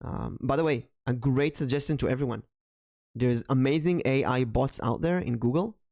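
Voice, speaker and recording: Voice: medium pitch, normal speed, a little mellow, dry recording, clean studio sound. A podcast co-host and streamer talking bluntly and frankly, with a joking edge, in casual chat.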